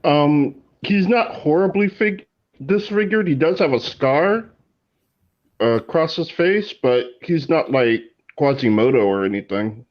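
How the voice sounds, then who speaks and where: A man co-hosting a live talk show, calmly correcting the others on details. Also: a little high, a little slow, lo-fi sound. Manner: matter-of-fact, corrects others. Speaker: podcast co-host. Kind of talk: casual live-show chat.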